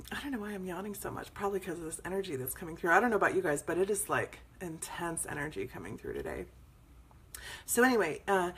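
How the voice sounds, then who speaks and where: A woman with a low, airy, breathy voice talks casually to her live viewers. She wanders through personal stories and greets people by name along the way. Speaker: spiritual show host.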